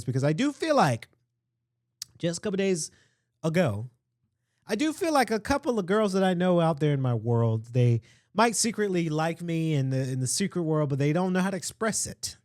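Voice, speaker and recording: A man's voice: a little high, a little mellow, no echo, studio quality. A man hosting a casual solo podcast, rambling and chatty, with lots of fillers and restarts. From Atlanta area, US. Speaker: podcast host.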